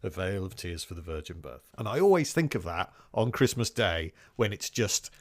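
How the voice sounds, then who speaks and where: Man, low voice, casual podcast chat, earnest, reflective, reads quotes aloud. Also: big pitch swings, moderate pace. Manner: earnest, reads out quotes, chuckles now and then. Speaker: podcast co-host. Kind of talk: casual chat about music history.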